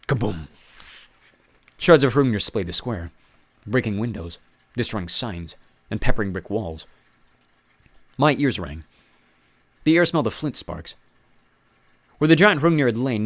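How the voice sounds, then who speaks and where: A man's voice: on the low side, no echo. A man reading a first-person adventure story aloud with dry, wry asides. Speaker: audiobook reader.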